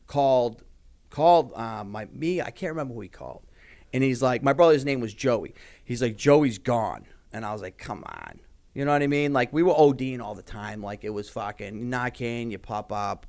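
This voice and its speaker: A man's voice: mid-range voice, creaky, darkish tone. A young man, a podcast guest in casual talk, rambling with many fillers and heavy swearing.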